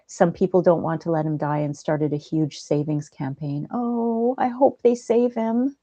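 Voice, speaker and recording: Soft-spoken woman hosting a gentle livestream. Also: sits low, measured pace, dry recording. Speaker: livestream host. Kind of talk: casual chat reading viewer comments.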